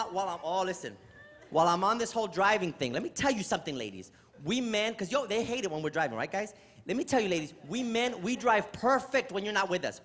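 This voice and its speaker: A man's voice: sits high, slight background noise. A middle-aged man from New York City doing stand-up comedy on a theater stage, telling exasperated stories and acting them out. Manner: animated, exasperated storytelling with act-outs.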